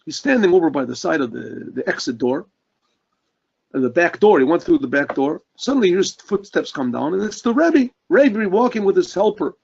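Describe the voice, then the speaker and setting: Brief: earnest male rabbi, storytelling sermon; husky, high-pitched. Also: normal speed. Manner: earnest, animated storytelling with throat clearing. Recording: dull lo-fi recording.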